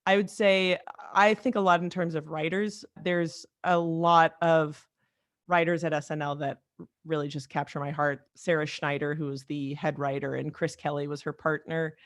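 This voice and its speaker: Brief: woman guest, comedy writer, casual animated chat with quick asides, dry close-miked podcast sound. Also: low voice, no echo.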